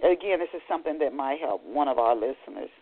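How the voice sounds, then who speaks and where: Radio host on a tinny line. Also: female voice, rumbling low, expressive, quick pace, husky. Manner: conversational, with repeated words. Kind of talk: radio interview. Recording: tinny phone-line sound.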